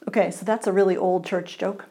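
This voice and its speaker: Warm-voiced woman pastor preaching. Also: mid-range voice, steady tone, fairly quick. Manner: conversational, asks the congregation for responses. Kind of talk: sermon.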